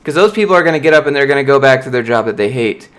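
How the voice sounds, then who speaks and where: A man's voice: mid-range voice, lively intonation, racing, fairly bright tone, clean tone. A young man on a casual livestream, reading and answering viewer chat in a blunt, motivational way. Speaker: streamer, software developer.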